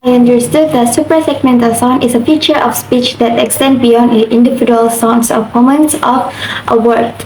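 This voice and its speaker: A woman's voice: fairly high pitch, fairly even intonation, moderate pace, music in the background. A young woman from Indonesia, a university student carefully reading a class assignment aloud, with occasional slips. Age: young adult. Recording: roomy echo, faint background noise.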